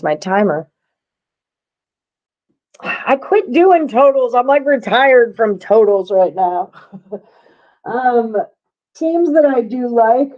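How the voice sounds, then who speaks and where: A woman's voice: fairly high pitch, dark tone, dull audio. A woman hosting a live sports-betting stream, chatting loosely with viewers and co-hosts. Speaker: sports betting show host. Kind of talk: casual live-stream chat.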